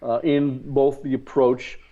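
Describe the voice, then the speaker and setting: A man discussing politics as a talk show guest, halting and repeating words, then pressing his points hard. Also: mid-range voice, little pitch movement, dark tone, highs cut off. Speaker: guest commentator.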